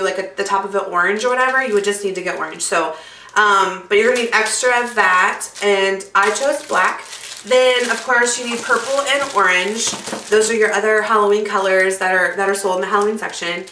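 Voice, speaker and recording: Chatty woman with a bright, echoey sound. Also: mid-range voice, slight background noise. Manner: chatty and bubbly, with many fillers and asides. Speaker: craft video host. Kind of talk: casual craft tutorial. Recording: echoey room, mic at a distance.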